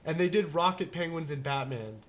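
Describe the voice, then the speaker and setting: A man with a slightly high voice rambles through a casual talk show. He jokes and speculates, often restarting his sentences and leaning on fillers. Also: a little fast. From United States. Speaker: podcast co-host. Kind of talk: casual chat.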